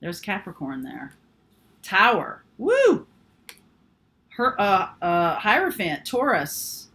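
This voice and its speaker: A woman's voice: on the low side, big pitch swings, takes it slowly, vocal fry, bright, forceful tone. A woman doing a casual, chatty tarot reading, thinking aloud with lots of fillers. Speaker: tarot reader.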